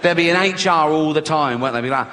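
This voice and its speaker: A man's voice: fairly high pitch, quick pace, sharp tone, a little hiss or hum. An English man doing a stand-up comedy set on a large theatre stage, sardonic and profane, acting out silly voices. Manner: sardonic, acts out silly voices and swears freely. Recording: long hall reverb from a big venue.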